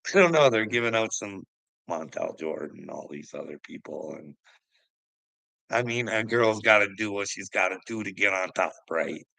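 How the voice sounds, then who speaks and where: Guy, low gravelly edge, bright and forceful, ranting with curses. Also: expressive, moderate pace, no room sound, rough recording. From Canada. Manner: angry, swearing, laughing scornfully. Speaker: vlogger. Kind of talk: profane ranting commentary.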